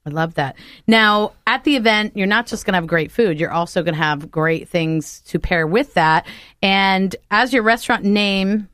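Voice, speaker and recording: Female talk show host, keen wine lover, chatty and warm in tone, dry studio sound. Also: mid-range voice, normal speed, dry recording. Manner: enthusiastic, chatty, laughs often. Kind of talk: casual interview chat.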